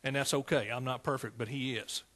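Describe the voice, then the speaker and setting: A man's voice: medium pitch, fairly even intonation, brisk, pushed and bright. A man preaching a fervent sermon, calling out to his congregation.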